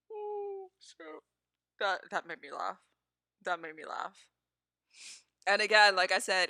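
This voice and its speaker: A woman's voice: mid-range voice, sharp tone, dry recording, clean studio sound. A woman live streamer chatting casually with her viewers, laughing often and swearing freely.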